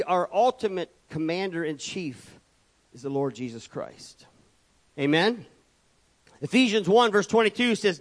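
Male pastor, high-pitched voice, sermon delivery, repetitive rhetorical build-ups. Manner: preaching with rhetorical repetition and calls of amen. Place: church.

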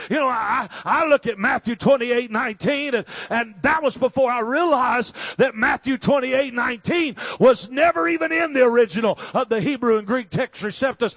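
A man preaching a revival sermon in a fervent, storytelling way that builds to emphatic shouting. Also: very high-pitched, expressive, moderate pace, hardly any pauses, no room sound. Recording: slightly dull recording.

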